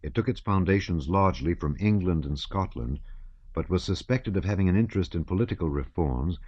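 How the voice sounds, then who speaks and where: A man narrating an audiobook in a measured, even reading style. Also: sits low, breathy edge, no room sound, dull audio.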